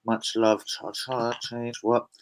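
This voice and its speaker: A man's voice: mid-range voice, level tone, slow pace, clear, resonant tone, low-quality recording. A man hosting a live football fan stream, chatting casually, reading out viewer comments and swearing freely. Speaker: fan channel host. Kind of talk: live football preview chat.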